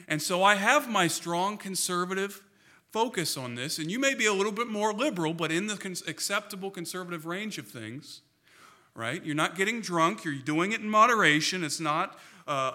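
A man's voice: high-pitched, sharp tone. A man preaching a sermon in a church, earnest and emphatic, often asking the congregation rhetorical questions. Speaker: pastor.

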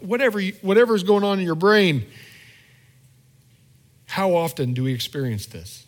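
Higher-voiced male pastor preaching conversationally. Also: very animated, normal speed, long pauses. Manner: conversational preaching with frequent restarts and repeated words. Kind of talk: sermon.

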